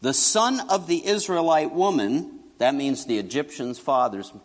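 A man's voice: a little high, a little slow, in a large hall. A middle-aged man preaching a sermon as a pastor, telling stories in a conversational way and acting out quotes. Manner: conversational, animated storytelling with acted quotes.

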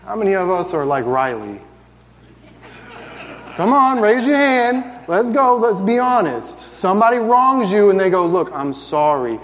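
A man in his thirties preaching a sermon, telling stories with lively acted-out voices. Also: high-pitched, measured pace, big-room sound. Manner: animated storytelling, acts out family scenes.

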